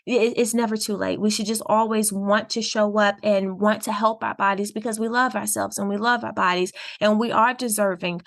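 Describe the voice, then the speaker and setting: A woman's voice: mid-range voice, steady tone, moderate pace, vocal fry, hardly any pauses. A woman counselor with a Southern US accent, explaining things earnestly in a podcast interview. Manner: earnest, explanatory, warm laughs. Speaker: counselor guest.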